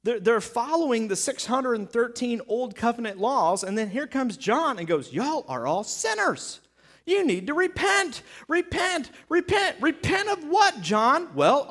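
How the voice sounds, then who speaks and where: A male pastor preaching a sermon, telling the story with jokes and acted-out asides. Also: high voice.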